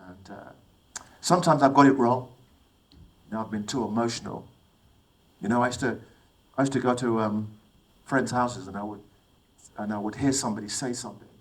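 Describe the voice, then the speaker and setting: A man's voice: mid-range voice, rough recording. A middle-aged man from England giving a motivational talk to young people, telling personal stories and asking his listeners questions. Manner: storytelling, asks the audience questions. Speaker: speaker addressing young people.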